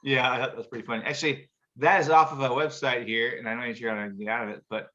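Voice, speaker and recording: A bright, forceful male voice hosts a relaxed chat show, wandering through jokes he reads off a screen with plenty of chuckles and restarts. The sound is a little muffled, as if it comes through a video call. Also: medium pitch, fast talker, few pauses. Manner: chuckling, rambling joke-teller. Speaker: show host. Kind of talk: casual chat, reading jokes.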